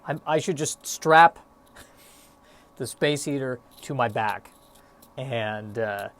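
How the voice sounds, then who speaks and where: A young man talks alone into his podcast mic, in a loose, stop-start monologue full of self-mocking asides and fillers. He sounds a little out of breath. His voice sits at an ordinary middle pitch. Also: slow pace, fairly bright tone. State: a bit out of breath. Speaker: solo podcast host. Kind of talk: rambling solo podcast monologue.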